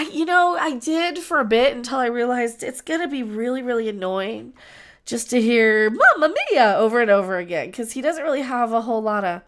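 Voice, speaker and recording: Chatty woman streamer, slightly high voice. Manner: rambling, chatty, trails off and restarts. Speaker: livestream host. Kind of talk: casual livestream chat.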